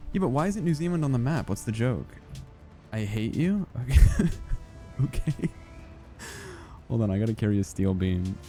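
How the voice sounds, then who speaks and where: A man's voice: medium pitch, sing-song, unhurried, pauses often, mellow, soft background music. A young man casually commenting on his gameplay as he chats with viewers, joking and swearing freely. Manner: joking, profane, chatting with viewers. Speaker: streamer.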